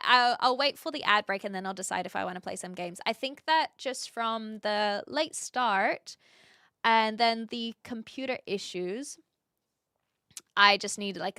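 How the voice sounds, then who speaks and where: A woman hosting a livestream from home, talking to her viewers in a loose, rambling way with fillers and laughs. Her voice is bright and crisp, and the sound is close and dry. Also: mid-range voice, dry recording. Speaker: livestream host. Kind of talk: casual chat with viewers.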